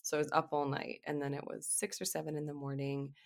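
Brief: woman guest, low-pitched with a gravelly edge, animated storyteller. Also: fast talker. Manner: animated, laughs often while telling stories. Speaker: physician assistant, podcast guest. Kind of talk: candid storytelling interview.

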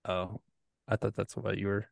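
A man co-hosting a podcast in casual chat, throwing in quick jokes and remarks. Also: fairly low pitch, little pitch movement, gravelly, no echo, clean studio sound. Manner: jokey interjections. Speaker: podcast co-host.

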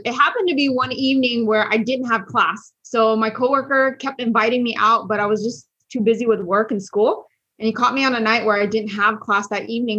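A middle-aged woman telling how she started in business, speaking clearly and directly in a casual interview. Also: a little high, bright, forceful tone. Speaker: guest, network marketer. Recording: dull, muffled sound.

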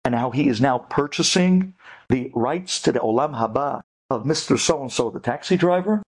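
A man telling a story to an audience in an animated, chatty way. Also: mid-range voice, moderate pace, husky.

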